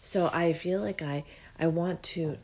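A woman hosting a spiritual podcast, talking alone in a relaxed, meandering way and yawning often as she goes. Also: on the low side, a little slow. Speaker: podcast host.

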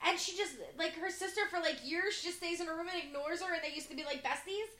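A woman's voice: very high voice, fast, sharp tone, echoey room. A woman in her forties chatting casually, telling stories with frequent laughter. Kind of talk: casual chat.

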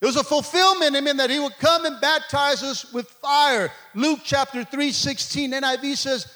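A middle-aged man preaching a sermon, repeating words and calling out, sometimes shouting and sometimes dropping to a low murmur. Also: normal speed. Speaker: pastor.

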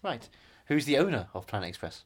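A man's voice: medium pitch, very animated, a little fast. Teasing man quizzing his friend. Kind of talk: casual chat.

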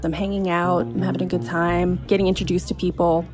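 A woman telling a true spooky story in the first person, in a relaxed, conversational way with casual fillers. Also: fairly low pitch, brisk, over music.

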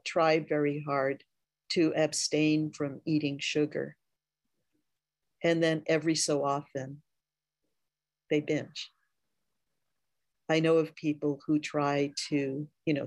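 A woman Zen teacher delivers a dharma talk at an unhurried, deliberate pace. Her voice has a gravelly, creaky texture and sits close and dry, with no room echo. She pauses often to reflect as she speaks. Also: deep voice, darkish tone. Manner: slow, reflective, with frequent pauses.

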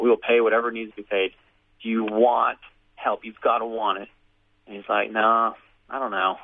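A man telling a personal story in a casual, animated way, acting out what others said. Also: medium pitch, no room sound. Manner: animated, acts out quoted voices. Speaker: guest telling his story. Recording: phone-like radio audio.

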